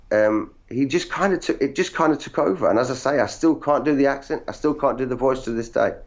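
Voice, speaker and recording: A man, an actor guest, telling animated, self-deprecating stories in casual interview chat. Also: fairly low pitch. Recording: dull lo-fi audio.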